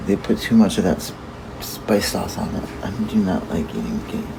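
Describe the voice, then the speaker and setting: A man's voice: low voice, a little fast, creaky, background noise. A man talking in a rambling, joking way, often correcting himself mid-thought. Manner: joking, meandering, self-correcting. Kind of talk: rambling casual monologue.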